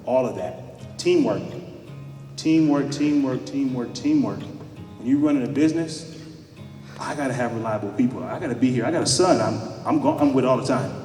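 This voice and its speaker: A man gives a storytelling talk to an audience, lively and fond of repeating a point. He sounds distant from the mic in a big, echoing hall. Faint music sits behind him. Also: mid-range voice. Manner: animated, acts out quoted dialogue, repeats phrases. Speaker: guest speaker, former pro basketball player. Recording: echoey hall, speaker far from mic.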